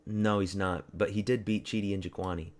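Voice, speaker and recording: A man's voice: sits low, level tone, normal speed. A young man from Canada chatting casually on a live stream, rambling and crude, mocking fighters and talking to his chat.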